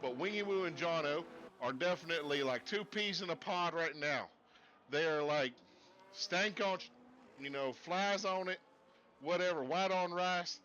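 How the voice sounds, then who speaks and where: A man's high, bright, forceful voice comes through with the highs cut off and slight hiss or hum. Using a faked Southern US accent, he commentates a sim race live from a desk streaming setup with screens, rambling folksily with jokes tossed in.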